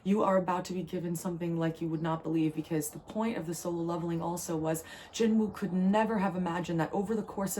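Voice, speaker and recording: A woman's voice: lowish voice, a little mellow, slight background noise. Earnest woman sharing a channeled message. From New Jersey. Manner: earnest, rambling, emotional delivery in quick bursts. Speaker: tarot reader.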